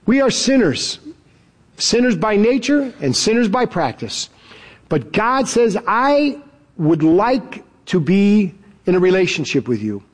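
A man preaching a sermon as pastor, emphatic and animated, chuckling now and then. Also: sits high, measured pace.

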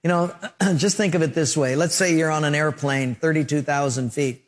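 Male pastor, sermon delivery, lightly high-pitched, animated storyteller. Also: normal speed. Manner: storytelling preacher, acts out scenes and sound effects.

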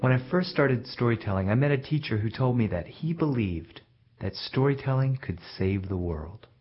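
A male storyteller telling a story from his own childhood in a plain, reflective way with gentle self-mockery. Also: medium pitch, expressive, normal speed, soft background music. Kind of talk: told personal story. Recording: dull lo-fi recording.

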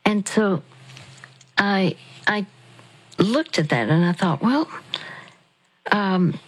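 A woman hosting a radio counseling show, speaking gently and haltingly with fillers and restarts. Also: medium pitch, expressive, rough recording.

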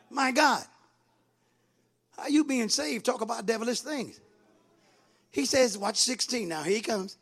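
Man preaching a sermon: gravelly, high-pitched voice, swings from hushed asides to rousing shouts. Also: expressive, normal speed, long pauses. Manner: builds from quiet talk to sing-song shouting; call-and-response with congregation.

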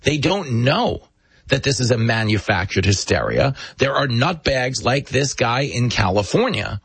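Brief: emphatic male commentator, husky, dry close mic. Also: mid-range voice, unhurried, dry recording. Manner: emphatic, sarcastic, animated storyteller. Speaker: talk show host. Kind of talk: political commentary monologue.

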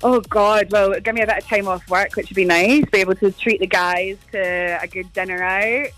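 A woman's voice: medium pitch, fairly even intonation, normal speed, fairly bright tone, faint music behind. A woman with a Scottish accent, calling in to a radio quiz with a cheerful, giggly manner. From Scotland. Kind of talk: phone-in quiz call.

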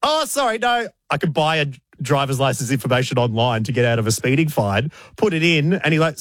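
A man's voice: on the high side, big pitch swings, brisk, hardly any pauses, a bit bright, no echo, clean studio sound. An Australian man co-hosting a casual chat, ranting with mock exasperation and acting out the people he quotes. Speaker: co-host.

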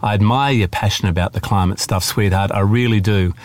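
A man voicing a middle-aged father who reasons calmly with his daughter, then turns belligerent and shaken. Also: on the low side, brisk, natural voice. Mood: reasoning. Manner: patient, then belligerent and pleading.

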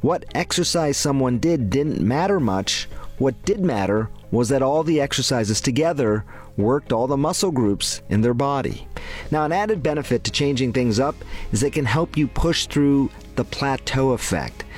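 A man reads a scripted health explainer in a calm, measured, informative tone. A faint music bed runs softly under his voice. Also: mid-range voice. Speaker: health segment presenter.

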